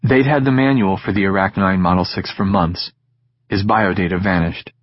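A man narrating a science fiction audiobook in measured, steady storytelling. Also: low-pitched, lo-fi sound. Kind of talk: scripted narration.

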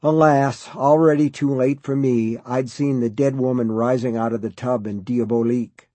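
Author guy reading his own intro, chatty and wry, a bit raspy, mid pitch. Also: steady tone, normal speed, warm tone, no room sound.

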